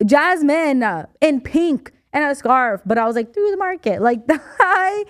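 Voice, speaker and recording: Animated young woman telling a funny story. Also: high voice, normal speed, no room sound, clean studio sound. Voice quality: animated storyteller, mimics voices, laughs often. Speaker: podcast co-host. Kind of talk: casual chat. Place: podcast studio.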